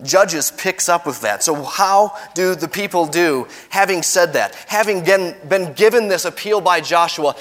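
A man preaches from scripture in a somewhat high voice, lifting his pitch for quoted speech and sinking quiet at phrase ends. His words ring out with a long reverb, as in a church sanctuary. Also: a little slow, hardly any pauses. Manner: expressive, rising for quoted voices and dropping low and soft at phrase ends. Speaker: pastor. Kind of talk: sermon reading and explaining scripture.

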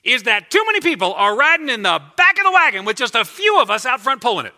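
Brief: preacher's impression of an older businessman, high, loud, bright and insistent. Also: big pitch swings, fast, exaggerated voice. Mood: lecturing. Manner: emphatic, high and loud, lecturing. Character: folksy older male Texan businessman, insistent.

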